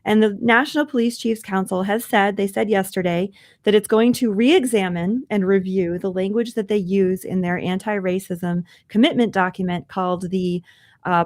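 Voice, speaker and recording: A woman's voice: medium pitch, a little mellow. A woman co-hosting a podcast, earnestly recounting a news story in conversational commentary. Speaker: podcast co-host.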